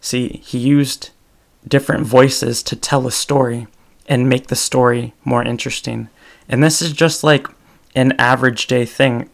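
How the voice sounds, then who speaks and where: Flat gravelly-voiced man rambling. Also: medium pitch, a little slow. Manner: rambling, frequent ums and restarts. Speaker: podcast host. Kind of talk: casual solo podcast talk.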